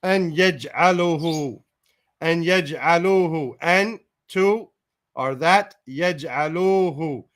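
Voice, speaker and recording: Slow, deliberate male Arabic teacher. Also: fairly high pitch, a bit bright. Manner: slow, repeats each Arabic word then glosses it; thinks aloud, tentative asides. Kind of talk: word-by-word Quran translation lesson.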